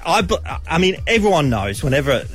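A man's voice: on the high side, sing-song, a little fast, faint music behind. Playful male radio host. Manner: playful, jokey. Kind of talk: casual radio chat.

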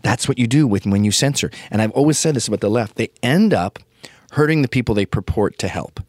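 A man's voice: medium pitch, lively intonation, a little fast, a little mellow, dry recording, studio quality. A man in his fifties ranting in a casual comedy monologue, profane and opinionated. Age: 50s.

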